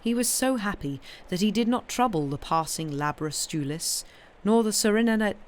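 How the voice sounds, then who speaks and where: A woman reading a novel aloud on a livestream in a steady, measured storytelling way. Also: medium pitch. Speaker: reader.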